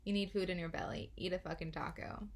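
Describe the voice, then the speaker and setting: A woman's voice: fairly low pitch, steady tone, fast. A young woman casually reading oracle cards, chatty and giggly, swearing freely. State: out of breath. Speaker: tarot card reader.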